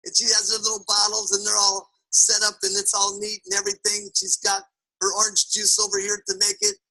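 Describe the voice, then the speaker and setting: A man's voice: high-pitched, fairly quick, vocal fry, pushed and bright, breathy edge, rough recording. A man giving a motivational sales talk, telling emphatic stories and often checking in with his listeners. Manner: emphatic storytelling, keeps asking "okay?". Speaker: sales trainer.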